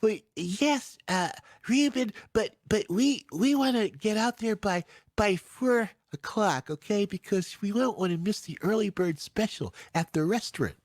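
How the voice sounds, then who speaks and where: A man putting on the voice of a fussy elderly aunt with a Philadelphia accent, high and insistent. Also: expressive, measured pace, a little mellow, no echo.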